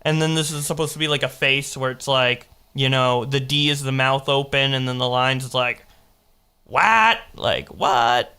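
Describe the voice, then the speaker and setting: Bright-voiced man rambling on stream. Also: medium pitch, level tone, a little fast, few pauses, clean tone. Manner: reads chat quotes aloud with mocking emphasis; rambling, restarts while checking dates. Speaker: streamer commenting on old chat logs. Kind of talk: casual live-stream commentary.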